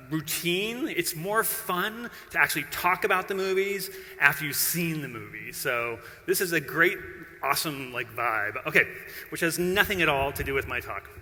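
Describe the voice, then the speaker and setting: A man's voice: a little high, pushed and bright. Playful man speaking in a reverberant hall. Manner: playful, self-deprecating, chatty with the audience. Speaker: conference keynote speaker. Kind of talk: conference talk. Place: large conference hall.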